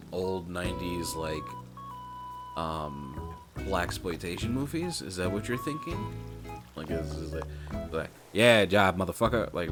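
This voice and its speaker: Man, casual streamer chat, rambling and profane, very deep voice, animated pitch, clear music behind. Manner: rambling, profane, laughs often. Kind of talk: casual chat while gaming.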